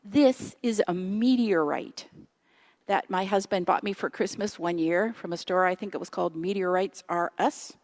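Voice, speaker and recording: Her lowish, slightly mellow voice moves at a moderate pace as this Canadian guest speaker in her fifties gives a conversational sermon in a church sanctuary. She's self-deprecating and chatty, and she often asks her listeners questions.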